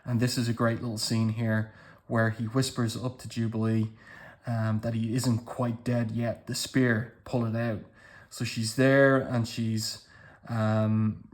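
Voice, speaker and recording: A man's voice: medium pitch, level tone, measured pace, a little mellow. A man giving casual commentary as he walks through comic book pages panel by panel, with appreciative remarks.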